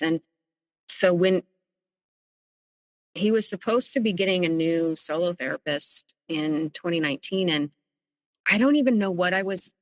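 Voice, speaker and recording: A woman on a podcast, telling her own story in an earnest, halting way, often restarting her sentences. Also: lowish voice, fairly bright tone, dry recording, long reverb tail, low-quality recording. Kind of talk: personal storytelling.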